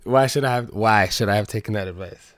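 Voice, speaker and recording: A young man hosts his own podcast in loose, rambling chat, full of swearing and restarts. His voice sits fairly low and he talks loud, never quite able to bring it down to a whisper. The sound is dry and close. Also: fairly quick, no room sound. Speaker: podcast host. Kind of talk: casual chat.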